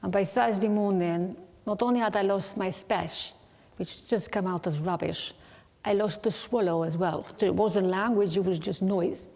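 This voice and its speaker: A woman in her fifties from England whose speech has a foreign-sounding accent like Polish or Russian, speaking slowly and with effort, grammar sometimes broken, as she tells her own story. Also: medium pitch, darkish tone, big-room sound. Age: 50s. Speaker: interviewee. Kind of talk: personal testimony.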